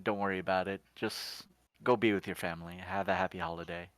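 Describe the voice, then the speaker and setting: A man voicing a good-natured, hesitant paladin with a big appetite in a tabletop game, mild and halting. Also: on the low side, sing-song, creaky, fairly bright tone, exaggerated voice.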